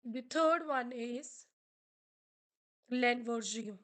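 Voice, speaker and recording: Brief: Indian woman, French teacher, high voice, slow patient explanations. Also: a bit bright. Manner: slow, explanatory, switching between English, French and Hindi. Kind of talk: classroom lesson.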